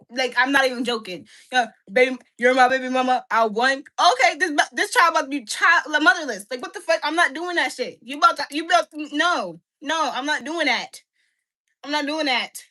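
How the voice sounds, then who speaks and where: A woman's voice: high-pitched, sharp tone. A young woman ranting bluntly and profanely to her livestream chat, repeating herself and filling with "like". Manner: repeats herself, many "like" fillers.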